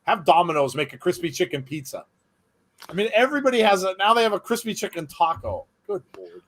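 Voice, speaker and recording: Guy hosting a live watch-along, kinda high voice, joking around, reading chat out loud. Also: expressive, fast. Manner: chatty, jokey, reads viewer comments aloud. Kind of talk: casual live commentary.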